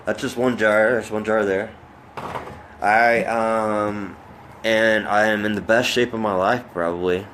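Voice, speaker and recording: An earnest man from Oklahoma speaks straight into his camera at home in a lowish voice, rambling and restarting, turning preachy as he goes. A faint room hiss sits behind him. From Oklahoma, United States. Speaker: vlogger. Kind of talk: personal video update.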